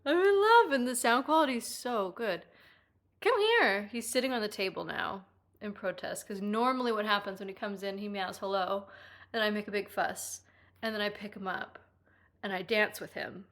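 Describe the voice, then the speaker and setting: A woman's voice: fairly quick, fairly bright tone. A young woman streaming live from a house with a headphone mic, chatting playfully with her viewers. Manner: chatty and playful, breaks into high baby talk with a cat. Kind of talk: casual live-stream chat. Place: indoors at a house, talking to a live chat.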